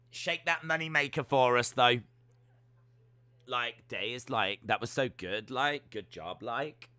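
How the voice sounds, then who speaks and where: Bright-voiced man rambling on a stream. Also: mid-range voice, takes it slowly. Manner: rambling, playful, thinking aloud. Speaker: stream host. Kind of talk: live watch-along chat.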